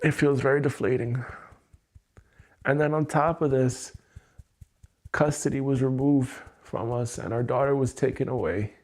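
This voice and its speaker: A man hosting a livestream, venting angrily and swearing, keeping his voice low at home at night so he won't wake anyone. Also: mellow. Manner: angry, swearing, exasperated. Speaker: livestream host.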